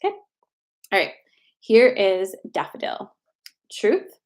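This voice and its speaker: A woman's voice: mid-range voice, big pitch swings, takes it slowly, darkish tone. A woman in her thirties, host of a casual spiritual livestream, giving chatty, reassuring card messages with the odd swear word.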